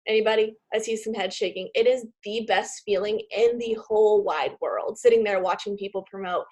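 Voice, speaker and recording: A woman giving an emotional, excitable motivational talk to her sales team over a video call. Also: mid-range voice. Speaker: team leader.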